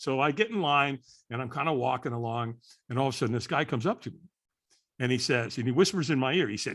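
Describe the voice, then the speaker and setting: Lively older man telling a story. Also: medium pitch, fairly quick. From California. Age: 60s. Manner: lively storyteller acting out voices, frequent "right?". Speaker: podcast guest. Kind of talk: animated storytelling.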